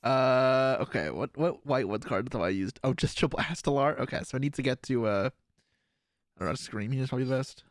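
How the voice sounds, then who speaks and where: A man's voice: mid-range voice, a little fast, no room sound. A man casually commentating his own card game play on a live stream, joking and swearing. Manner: laid-back, jokey, swears and laughs often.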